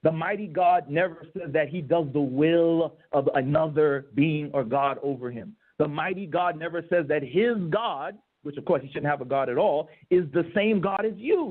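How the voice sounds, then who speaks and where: A man's voice: fairly high pitch, moderate pace. A man giving an emphatic debate rebuttal, repeating key phrases for stress. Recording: tinny phone-line audio.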